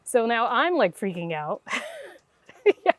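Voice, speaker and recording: Dry-sounding woman telling a lively story. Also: fairly high pitch, unhurried, no echo. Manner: animated, acts out quoted dialogue. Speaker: guest intuitive. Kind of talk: conversational storytelling.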